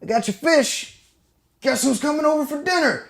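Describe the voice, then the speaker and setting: A man's voice: very high voice, lively intonation, normal speed, vocal fry, pitched above the performer's own voice, full character voice. A man voicing his crude, mocking father, a cruel prankster, with a sneering, taunting delivery.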